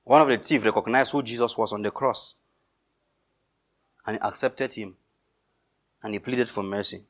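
Man preaching an emphatic sermon, low voice. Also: normal speed. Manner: emphatic, repetitive preaching with rising and falling intensity. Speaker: pastor.

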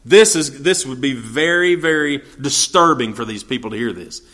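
A man with a mid-range, animated voice and a fairly bright tone leads a verse-by-verse Bible study at normal speed. After reading each passage aloud, he explains it in plain, folksy language full of fillers and restarts.

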